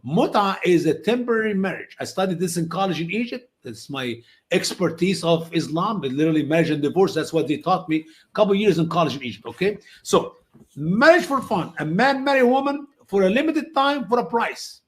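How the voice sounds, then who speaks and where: Emphatic guy, pretty high voice, tells stories. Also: expressive, a little fast. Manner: non-native English, emphatic, acts out quoted voices high. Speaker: guest answering questions. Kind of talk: animated storytelling answers.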